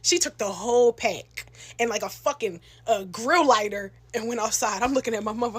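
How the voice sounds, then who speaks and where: A young woman telling a casual storytime, animated and full of slang, acting out other people's lines. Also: a little high, moderate pace, slightly rough. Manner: animated, slangy, acts out voices in her telling.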